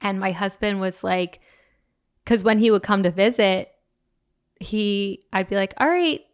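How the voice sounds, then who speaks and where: A young woman speaks as a guest, telling her own story in a loose, casual way. She is emotional and fills her talk with "like". Her voice sits at an ordinary, middle pitch for a woman. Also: level tone, unhurried, clean tone. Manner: emotional, many "like" fillers.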